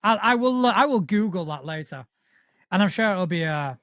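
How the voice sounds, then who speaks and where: A man's voice: sits high, lively intonation, brisk, fairly bright tone, dry recording, clean studio sound. A middle-aged man co-hosting a tabletop gaming podcast, reading show plugs and trading wry banter. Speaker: podcast co-host. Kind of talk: casual chat and show plugs.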